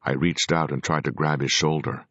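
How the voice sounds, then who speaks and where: A man narrating a first-person audiobook with measured, grave storytelling. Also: a bass voice, steady tone, a bit bright, no room sound. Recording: dry, dull lo-fi recording.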